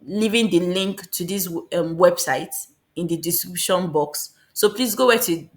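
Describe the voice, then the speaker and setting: A woman giving a casual, fast explainer on applying for a scholarship, often repeating and correcting herself. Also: fairly low pitch. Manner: fast, repetitive, self-correcting. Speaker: scholarship guide vlogger.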